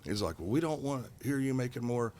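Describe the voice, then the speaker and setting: A man's voice: mid-range voice, expressive, quick pace, a little mellow. Heated, profane middle-aged man. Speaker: podcast guest. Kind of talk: casual storytelling.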